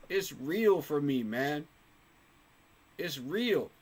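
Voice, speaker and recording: Male fan host, mid-pitched voice, fired-up and emphatic, repeats lines for punch. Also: measured pace. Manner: passionate, emphatic, repeats phrases for effect. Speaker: sports fan channel host. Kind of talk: casual fan commentary to camera.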